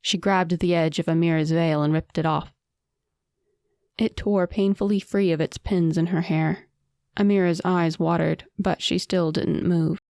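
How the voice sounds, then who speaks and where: Lower-pitched woman narrating an audiobook. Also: fairly even intonation, measured pace, darkish tone, no room sound, studio quality.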